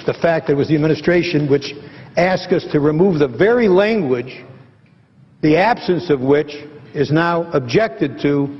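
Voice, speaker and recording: A man speaking as a senator in a formal floor debate, insistently repeating his question in a deliberate manner, heard in an archival broadcast clip. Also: on the high side. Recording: archival broadcast clip with hall reverb, dull audio.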